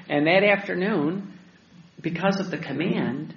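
A man's voice: on the high side, sing-song, a little hiss or hum. A man, a deacon, giving a sermon-style talk, telling stories with frequent restarts and fillers. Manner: storytelling, halting with many restarts and fillers. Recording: echoey room, dull lo-fi with faint ambience.

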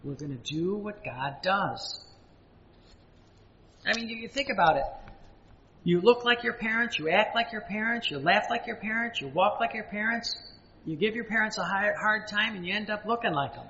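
High, bright-voiced male preacher in a hall. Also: lively intonation, muffled recording, slight background noise. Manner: emphatic, repetitive preaching with dramatic pauses and sudden rises. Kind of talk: sermon.

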